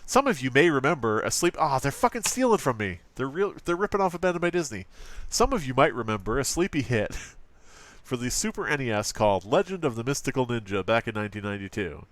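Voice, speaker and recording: A let's play host casually comments on an old gaming magazine, joking, swearing, and leaning on lots of fillers. His mid-range voice is very animated, a bit bright, and quick, captured in a dry recording.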